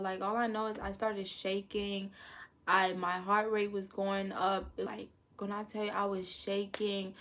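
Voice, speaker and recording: A woman telling a personal story in a casual storytime vlog, animated and acting out moments with sudden high-pitched bursts and laughs. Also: a little hiss or hum. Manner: animated, acts out her own past panic with sudden high-pitched outbursts and laughter.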